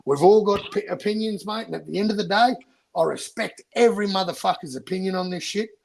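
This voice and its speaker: A man's voice: sits high, fairly quick, creaky, a little mellow, low-quality recording. An Australian man, a boxing YouTuber, arguing passionately in casual debate and swearing a lot.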